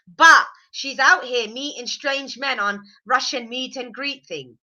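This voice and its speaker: A woman's voice: high-pitched, lively intonation, pushed and bright, highs cut off. A woman with a slight cold, chatting in an opinionated way as she reviews a reality show. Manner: chatty, opinionated, quick to mock. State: has a cold. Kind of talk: casual review chat.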